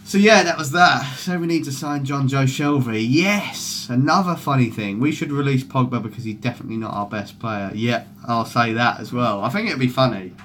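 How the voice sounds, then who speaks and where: A young man hangs out on a football fan stream, chatting loosely, cursing a lot, and reading viewer comments aloud in a rambling way. His mid-range, slightly bright voice moves at a moderate pace with few pauses over slight background noise.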